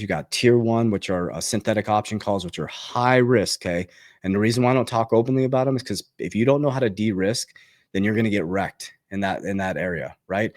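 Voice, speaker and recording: A man's voice: on the low side, no room sound, clean studio sound. A man talking as a finance coach in an emphatic motivational monologue, repeating his key phrases and getting fired up.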